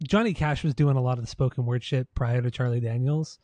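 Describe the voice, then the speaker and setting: A man's voice: medium pitch, fairly even intonation, fairly quick, mellow, no room sound. A man in his thirties co-hosting a casual music podcast, talking with enthusiasm, swearing freely and repeating himself. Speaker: podcast co-host.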